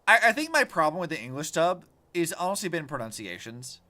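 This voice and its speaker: Lively, bright-voiced male streamer. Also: a little high, brisk. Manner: rambling, profane, animated ranting. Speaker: vtuber streamer. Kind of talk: casual gaming stream commentary.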